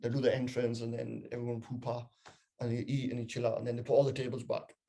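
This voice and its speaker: A young man chatting casually on a podcast, telling stories in an animated way and swearing freely. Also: medium pitch, fast, creaky. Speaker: podcast co-host. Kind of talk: casual chat.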